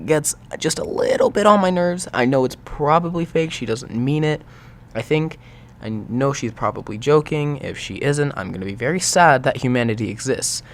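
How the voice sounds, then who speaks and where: A man's voice: mid-range voice, lively intonation, moderate pace. A young man in exasperated, sarcastic reaction commentary, swearing freely as he rants.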